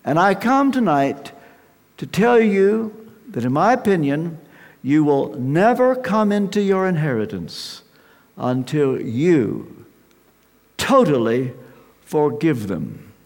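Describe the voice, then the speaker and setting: An older man preaching a sermon, slow and emphatic with dramatic pauses. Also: on the high side, very animated, creaky. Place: large hall with an audience. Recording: reverberant hall sound.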